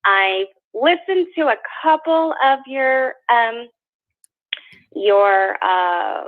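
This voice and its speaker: A woman's voice: fairly high pitch, lively intonation, drawn-out words, no echo. A woman from California with a Valley girl accent calling in and gushing with praise for the hosts. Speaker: caller. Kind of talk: call-in praise. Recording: tinny phone line.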